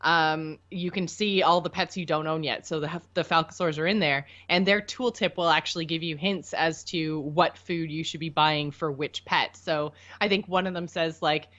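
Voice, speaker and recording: A woman's voice: sits low, fairly even intonation, fairly bright tone. Giggly woman, slightly muffled audio. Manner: giggly, explains in detail, quick asides. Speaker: podcast co-host. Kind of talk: casual gaming podcast chat.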